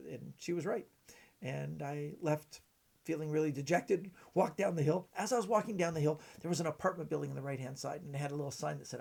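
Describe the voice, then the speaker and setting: A middle-aged man from Canada, telling stories in a halting way with many fillers. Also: fairly high pitch, vocal fry, warm tone, husky. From British Columbia, Canada. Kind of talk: casual storytelling.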